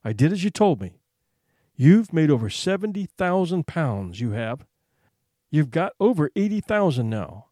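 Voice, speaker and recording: A man voicing a small, sly gardener who talks in a low, secretive whisper. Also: sing-song, measured pace, mellow, no echo, clean studio sound. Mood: hushed urgency.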